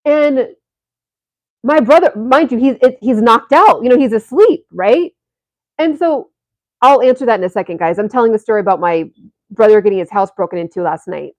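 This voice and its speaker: A woman's voice: fairly high pitch, lively intonation, moderate pace, darkish tone, dry recording. A woman vlogger telling a story to her viewers in a casual, rambling way, full of fillers and restarts.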